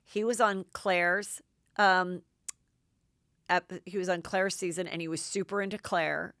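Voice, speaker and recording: Middle-aged woman podcast host, chatty gossip recapper, lowish resonant tone. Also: measured pace, no echo, clean studio sound. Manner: chatty, excitable recapping with many "like"s. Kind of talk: casual gossip commentary.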